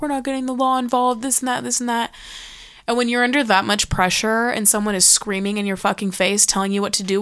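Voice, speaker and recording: Podcast guest: woman with a smooth, clear voice, middle pitch, talks bluntly with lots of swearing. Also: a bit bright. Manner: blunt, heavy swearing, quotes herself dramatically. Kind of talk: casual storytelling.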